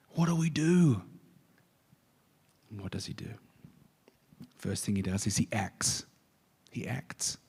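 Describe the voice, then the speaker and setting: A man preaching in a church, his voice carrying with a long reverb off the hall. He tells the story with animated drama, dropping to hushed whispers and rising to rousing calls, and his voice sits at a middling pitch. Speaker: pastor. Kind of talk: sermon.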